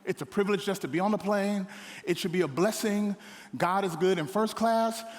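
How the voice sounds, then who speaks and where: A middle-aged man delivers a humorous sermon, his voice sitting high. He jumps into playful little voices for the people in his stories. A long hall echo trails each phrase. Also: normal speed. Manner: animated, joking, with playful voices for others. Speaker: pastor. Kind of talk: comedic sermon storytelling. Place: large hall on stage.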